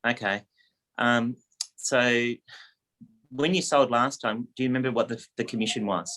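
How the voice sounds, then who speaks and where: Aussie agent, animated storyteller, mid-range voice, casual coaching tone. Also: male voice, medium pitch, normal speed. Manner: animated anecdote teller, lively, acts out quotes. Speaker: real estate agent.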